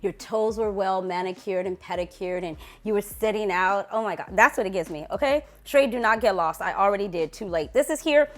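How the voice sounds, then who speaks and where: A woman's voice: medium pitch, a little fast, hardly any pauses. A young woman reviewing perfumes in a casual vlog, gushing and playful, lingering over sensual words. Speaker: fragrance reviewer.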